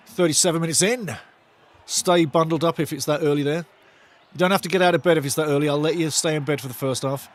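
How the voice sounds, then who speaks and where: Man, fan watch-along host, excitable football commentary, slightly high voice, chatty.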